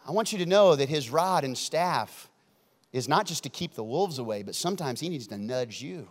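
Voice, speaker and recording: A man preaching a sermon as pastor, acting out stories with sudden shouts and then dropping soft. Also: on the high side, animated, normal speed. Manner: dramatic, shouts and acts out stories, swings loud to soft. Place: large church hall. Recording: long hall reverb.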